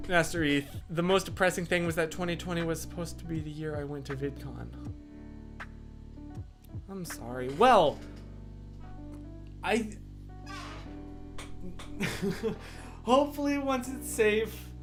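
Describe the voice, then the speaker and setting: A young man hosting a casual live stream from his room, reading viewer comments and rambling with lots of restarts. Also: a little high. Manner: rambling and chatty, full of restarts and fillers. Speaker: livestream host. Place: home room with a whiteboard.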